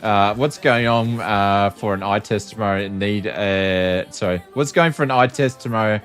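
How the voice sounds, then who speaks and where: A man's voice: lowish voice, normal speed, fairly bright tone, faint music behind. An Australian man hosting a flight sim stream, chatting casually with lots of ums and frequent laughs. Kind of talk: casual live-stream chat.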